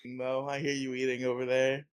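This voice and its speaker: A man co-hosting a casual podcast, talking in halting, profane bursts and laughing often mid-sentence. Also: medium pitch, completely flat delivery, clear, resonant tone. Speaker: podcast co-host.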